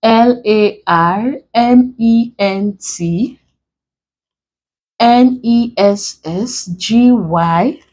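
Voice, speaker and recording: A woman's voice: fairly high pitch, a little mellow, poor audio. A woman with a Nigerian accent teaching an exam-prep lesson, spelling out letters and breaking words into syllables step by step. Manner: slow and deliberate, spelling out letters.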